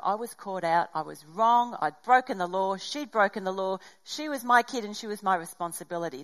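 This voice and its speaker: A woman's voice: mid-range voice, brisk, low-quality recording. A middle-aged woman preaching a sermon, telling a personal story and acting out the dialogue. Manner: animated storytelling, acts out dialogue.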